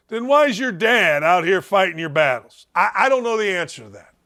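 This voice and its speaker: An older man hosting a sports talk show, delivering a blunt, mocking rant that swings between loud jabs and low mutters. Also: animated, fairly quick, hardly any pauses.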